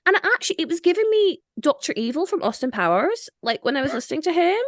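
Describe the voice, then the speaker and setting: A woman hosting a podcast in casual discussion, animated and opinionated, with frequent "like" fillers. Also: very high voice, fast talker, no echo, studio quality. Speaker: podcast host.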